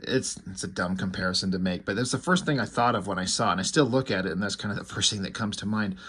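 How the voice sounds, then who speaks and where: A man's voice: lowish voice, fast talker, fairly bright tone, breathy edge. A man giving a casual, rambling recap and commentary as a comic book reviewer, offhand with frequent fillers and restarts.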